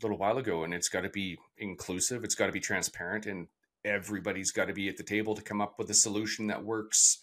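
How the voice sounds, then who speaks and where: A male host speaks with a somewhat low voice, choosing his words deliberately. He keeps a steady, affirming tone as he carries the interview along. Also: breathy edge. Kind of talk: interview conversation.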